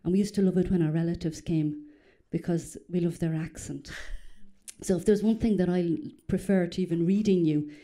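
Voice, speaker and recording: A woman from the Republic of Ireland, an audience member making an appreciative, somewhat halting comment from the floor. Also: lowish voice, fairly even intonation, mellow.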